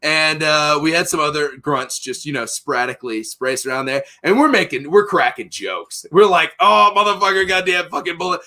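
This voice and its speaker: A young man tells a war story with loads of swearing and big bursts of energy. His voice sits a bit high and sounds bright and sharp. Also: moderate pace, few pauses. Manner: profane, animated storyteller. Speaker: podcast host. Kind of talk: casual storytelling.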